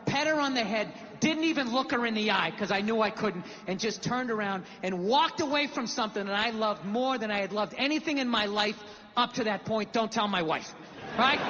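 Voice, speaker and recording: An American man doing a stand-up routine, loud and exasperated, bursting into shouts. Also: very high-pitched, lo-fi sound, slight background noise. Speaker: stand-up comedian. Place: theater stage. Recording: live venue reverb with crowd.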